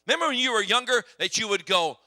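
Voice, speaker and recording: A man preaching a sermon in a church, telling stories in an animated, emphatic, humorous way. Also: sits high, fast, no echo. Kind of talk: sermon with personal storytelling.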